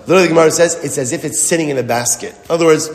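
A man's voice: a little high, rapid-fire. A man explaining a Talmud passage in an emphatic way, repeating phrases and asking rhetorical questions. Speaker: Talmud teacher. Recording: echoey hall with long reverb.

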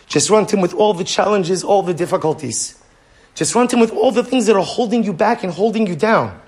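Earnest rabbi teaching a class, slightly high. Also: male voice, slightly rough. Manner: earnest, repetitive, rhetorical "right?" asides; reads Hebrew verses aloud and translates them. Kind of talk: Torah class from a handout.

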